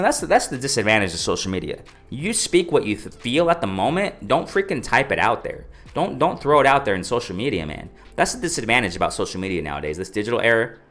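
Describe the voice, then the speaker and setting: A man's voice: mid-range voice, a bit bright. A man talking casually about boxing on his own channel, rambling and repeating himself, with slang fillers. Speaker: boxing commentary vlogger. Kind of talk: casual opinion vlog.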